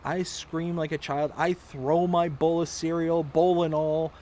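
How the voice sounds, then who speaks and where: A man's voice: a little high, measured pace, a little hiss or hum. A man hosting a casual gaming livestream, chatting and telling funny stories, acting out his own shrieks along the way. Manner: animated storyteller, acts out his own shrieks. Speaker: livestream host. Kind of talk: casual chat while gaming.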